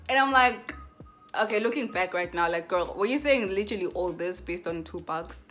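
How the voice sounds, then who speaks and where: A woman's voice: medium pitch, lively intonation, a little fast, fairly bright tone. A young woman from Southern Africa telling a rambling storytime in casual slang, with lots of "like". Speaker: vlogger.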